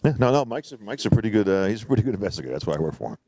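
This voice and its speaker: A man's voice: fairly low pitch, sing-song, racing, mellow, no echo. A man from Connecticut hosting a collectibles appraisal show, chatting casually with fillers and restarts.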